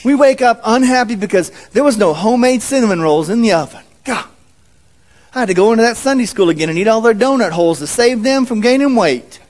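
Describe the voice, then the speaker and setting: Man, pastor, sermon, high voice, animated, folksy. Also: quick pace. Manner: animated, folksy, acts out quotes.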